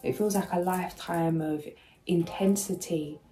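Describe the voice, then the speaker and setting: A woman's voice: on the low side, fairly even intonation, a little slow, rough recording. A woman giving a soothing spiritual tarot reading to her viewers, speaking emotionally and sometimes searching for words. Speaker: tarot reader. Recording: soft music underneath.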